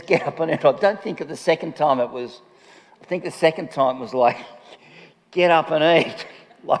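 A man preaching in a relaxed, joking way, laughing at his own stories between points. His voice sits at an ordinary middle pitch. It carries with a long reverb, as if from a large church hall. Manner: jokey, chatty, laughs often. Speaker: pastor. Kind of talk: conversational sermon.

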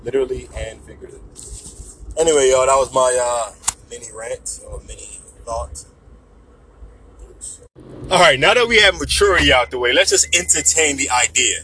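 A man's voice: medium pitch, moderate pace, pauses often, sharp tone, slight background noise, low-quality recording. A man in a casual, profane, joking rant who keeps slipping into mock voices. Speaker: vlogger.

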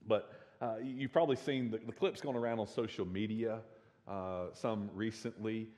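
Southern pastor preaching in a hall. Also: male voice, fairly low pitch, fairly even intonation, moderate pace, warm tone. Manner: earnest, repeats words when restarting, rises in force at climaxes. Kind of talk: sermon.

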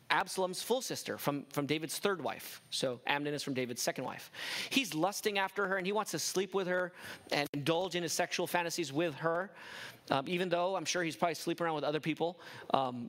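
A man's voice: fairly high pitch, a bit bright. A middle-aged man preaching a sermon as a pastor, earnest, often asking the listeners questions.

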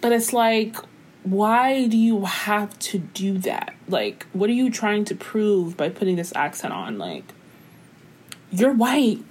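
A woman's voice: medium pitch, big pitch swings, slow, darkish tone, slight background noise. A young woman co-hosting a casual chat, exasperated and slangy as she vents. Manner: exasperated, slangy, agreeing and venting.

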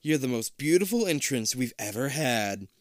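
A man's voice: medium pitch, very animated, normal speed, no echo, studio quality, lightly acted. A man voicing an unseen, bossy game-show announcer who calls out contestants and gives orders. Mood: commanding. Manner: commanding, showman-like.

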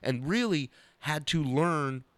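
A man in a casual podcast conversation, telling animated stories and mimicking the people he talks about. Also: a little high, takes it slowly, no room sound. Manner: animated storyteller, mimics the comedian he describes.

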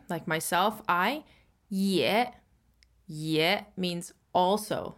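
A woman co-hosting a language lesson, explaining sentence patterns in a relaxed, chatty way and slowing down sharply to model each Mandarin word. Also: fairly low pitch. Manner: slows down and stretches Mandarin words for learners. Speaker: Mandarin teacher and co-host.

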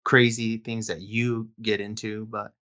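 Male co-host, bright forceful tone, laid-back chatty delivery. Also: lowish voice, flat delivery, unhurried, dull audio. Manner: laid-back, chatty, says dude and um often. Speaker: podcast co-host. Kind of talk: casual chat.

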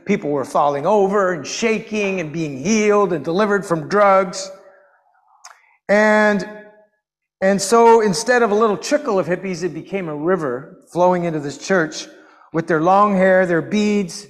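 A pastor delivers a sermon in an animated storytelling way, punching key words with sudden emphasis. His voice sits high for a man. The sound carries a long reverb from a church hall.

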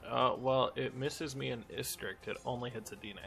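A man's voice: medium pitch, steady tone, normal speed, gravelly, fairly bright tone, husky. A man playing in a tabletop game, chatting casually, joking and keeping track of the rules. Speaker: player.

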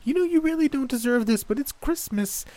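A man voicing a menacing, sing-song old grandmother in a high falsetto that is sickly sweet and turns to growls. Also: animated, fairly quick, warm tone, no echo. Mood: strained cheery.

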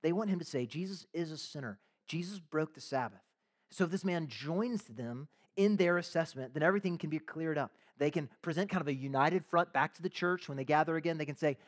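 A man's voice: fairly high pitch, a little fast. A man preaching a sermon as pastor, talking conversationally and acting out the voices of the people in the story, with casual slang asides.

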